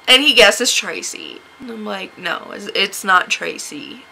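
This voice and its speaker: Bright-voiced American woman telling a story. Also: unhurried, creaky, hardly any pauses, breathy edge, low-quality recording. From United States. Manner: animated, jumps to a high shrill voice when acting out her replies; sarcastic, laughs often. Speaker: vlogger. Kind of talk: casual storytelling to camera.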